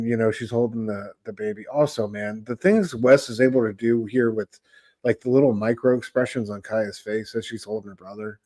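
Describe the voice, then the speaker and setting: A man's voice: on the low side, fairly even intonation, moderate pace, warm tone. A man co-hosting a casual comic book podcast, laid-back, saying "dude" and "man" a lot and filling gaps with "um" and "uh.". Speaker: podcast co-host.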